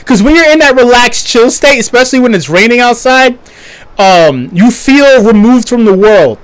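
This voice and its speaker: High-voiced young man, stammering storyteller. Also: lively intonation, normal speed, a bit bright, clean tone. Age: young adult. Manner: profane, stammering restarts, laughs while telling. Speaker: live stream storyteller. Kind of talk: casual storytelling on a live stream.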